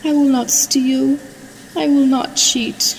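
A woman reading a storybook, voicing a young girl who owns up with soft, earnest words, over loud background music. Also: sits high, fairly even intonation, takes it slowly, creaky, big-room sound, a little hiss or hum, voice pushed up, exaggerated voice, rough recording. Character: young girl owning up, small and contrite. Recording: loud music bed behind.

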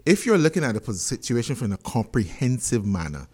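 A man's voice: medium pitch, sing-song, brisk, a little mellow, slightly rough. A man, a guest on a radio talk show, who cuts in to correct and stress his points. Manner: interjecting, emphatic, corrects points. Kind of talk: call-in radio discussion.

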